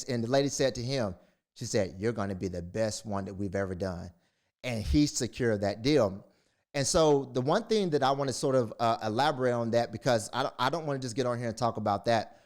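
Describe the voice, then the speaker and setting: A man speaking to camera as a motivational speaker, retelling a story in a casual, rambling way with many fillers and restarts. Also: medium pitch. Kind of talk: casual monologue.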